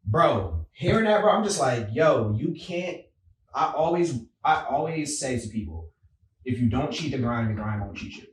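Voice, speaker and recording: A male podcast host talking with energy and emphasis, his pitch rising and falling freely. The sound is roomy and a little distant, as if he is sitting away from the microphone. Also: normal speed. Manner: animated, emphatic, calls people bro. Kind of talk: casual conversation.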